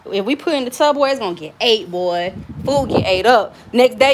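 This cooking vlogger talks quickly and animatedly, barely pausing, her voice a little high over a faint hiss or hum. A young adult Southerner, she cooks at home while swapping stories, speaking frankly and cursing without restraint.

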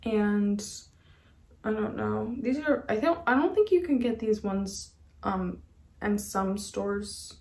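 In a slow, creaky, animated voice of medium pitch and darkish tone, a woman hosts a casual unboxing vlog featuring model horses. She chats and gushes with many fillers, and the recording has room echo and faint background noise.

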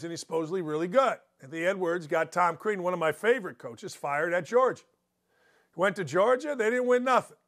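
A middle-aged man with a high, slightly bright voice hosts a sports talk show. He delivers a blunt, opinionated commentary monologue and tends to ramble off into stories.

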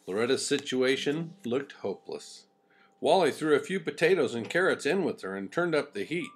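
An older man narrating a children's storybook in an expressive, folksy way. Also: medium pitch, moderate pace, slightly rough.

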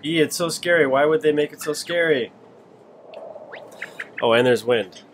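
A man reading a nervous young female guide's game lines in a flat monotone. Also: a little high, normal speed, a little hiss or hum, close to an everyday voice. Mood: worried.

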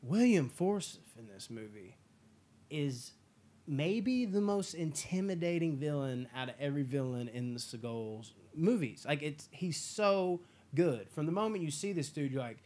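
A man hosting a casual movie review chat, enthusiastic and profane, acting out scenes in quick impressions. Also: fairly high pitch, lively intonation, darkish tone. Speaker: podcast host.

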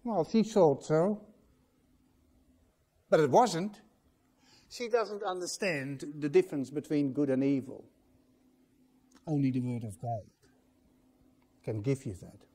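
A man's voice: a little high, takes it slowly, long pauses, dark tone. A man preaching a sermon as pastor in a church, emphatic and putting rhetorical questions to the congregation.

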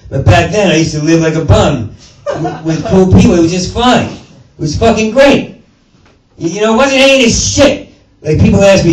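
Fairly high-pitched with lively intonation and a normal speed, a comedian's voice leads a rambling, profane story peppered with stammers and sudden digressions. He's performing for an audience in a small space. The recording is roomy, from a distant mic, with faint background noise.

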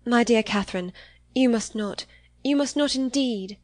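A frightened young gentlewoman from a storybook, breathless and pleading, voiced by a woman narrator. She speaks in a raised, thin register. Her words come in broken, anxious bursts. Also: a little high, normal speed, no room sound, pitched above the performer's own voice, close to an everyday voice. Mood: distressed. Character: agitated pale young noblewoman, distressed.

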